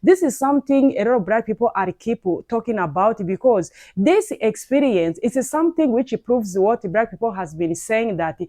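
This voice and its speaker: A woman hosting a commentary, speaking earnestly with halting restarts. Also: fairly high pitch, lively intonation, mellow, no echo. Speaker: commentary host.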